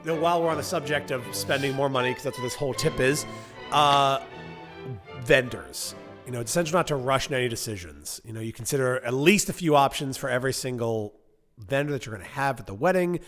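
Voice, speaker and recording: A man's voice: medium pitch, expressive, fast talker, fairly bright tone, soft background music. A young man co-hosting a podcast, reading out tips and riffing with casual swearing. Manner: reads tips aloud then riffs, swears casually. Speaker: podcast co-host.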